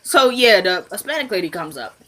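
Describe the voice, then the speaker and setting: A young woman recapping a TV episode in a casual, excitable vlog, full of slang and laughter. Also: mid-range voice, a little fast.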